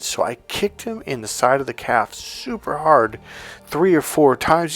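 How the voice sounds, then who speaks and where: With faint music behind him, the Northern Californian relationship coach shares a story from his childhood, casual and full of "like" fillers, voicing each quoted line. His fairly high voice is very animated and runs at normal speed.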